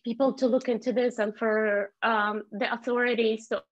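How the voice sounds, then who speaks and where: A woman's voice: a little high, little pitch movement, moderate pace. A woman in her thirties from Azerbaijan, speaking candidly and earnestly as a participant in an online meeting, often searching for her words. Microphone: video call. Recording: lo-fi video call audio.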